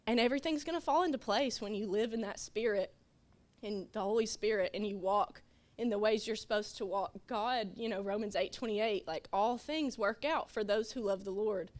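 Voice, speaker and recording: A woman giving an earnest, emotional testimony in a church class, tearful and sniffling into a microphone. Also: medium pitch. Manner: emotional, earnest, halting with little laughs. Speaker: children's ministry volunteer.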